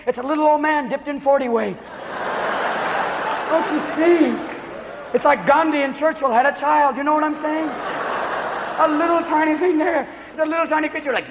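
Man, stand-up comic, very high voice, manic shouted voices, live hall, loud crowd noise. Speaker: stand-up comedian. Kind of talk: stand-up comedy routine. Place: large theater stage. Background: audience laughter.

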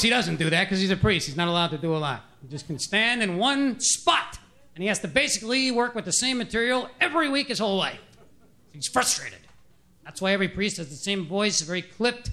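A man doing a brash stand-up routine on stage, riffing quickly on a stage mic. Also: sits high, expressive, pushed and bright. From Brooklyn, New York. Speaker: stand-up comedian. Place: comedy stage. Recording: live audience laughter and room noise.

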